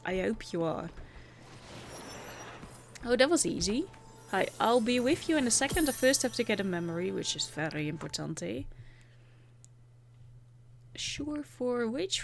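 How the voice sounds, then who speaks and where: A woman playing a video game and chatting softly and playfully as she goes. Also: medium pitch, vocal fry. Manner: soft-spoken, chatty and playful. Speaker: gaming channel host. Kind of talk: casual game commentary.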